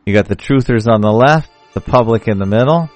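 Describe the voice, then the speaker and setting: Speaking at a brisk clip with a medium-pitched voice, this male podcast host chats loosely through a solo live stream, wandering off track and fixing his own sentences as he goes. Soft music plays in the background, and his mic runs through a hardware audio box.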